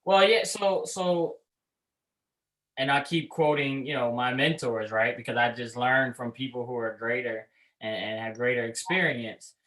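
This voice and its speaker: Male school leader, bright tone, chatty, explains with examples. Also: mid-range voice, unhurried, poor audio. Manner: conversational, many fillers and restarts, explains with examples. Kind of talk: casual leadership chat.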